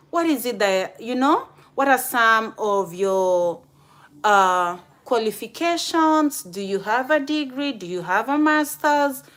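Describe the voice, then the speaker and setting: A woman with a Kenyan accent hosts a relaxed live stream, speaking to her viewers one by one. Her voice sits a little high. She takes her time over every phrase. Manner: chatty, addresses viewers directly by name. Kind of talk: casual live stream chat.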